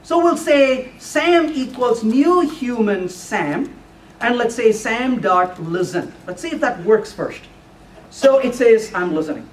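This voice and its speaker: A man giving a technical talk with live coding to a user group, animated and playful, now and then putting on a mock voice for the compiler. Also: very high voice, slow pace, a little hiss or hum. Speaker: conference speaker. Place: lecture room at a user group meeting. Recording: echoey room, voice from far off.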